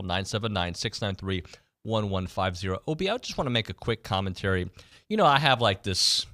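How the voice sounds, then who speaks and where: A man hosting a sports talk radio show, moving from sober news to lively, ranting banter with his co-host. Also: low voice, dry recording, clean studio sound. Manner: animated, builds from somber to excited ranting. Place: radio studio. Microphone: studio mic.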